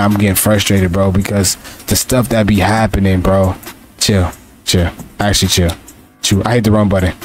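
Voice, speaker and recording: A young gaming streamer with a voice on the low side gives live commentary over his own video game. Frustrated, he repeats himself while talking to his players and his viewers, and there's a little hiss or hum in the audio.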